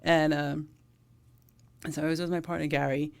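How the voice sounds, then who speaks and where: A woman's voice: low voice, little pitch movement, moderate pace, creaky, clean tone. A middle-aged woman, a first responder, telling blunt, talkative stories in a casual interview and laughing often.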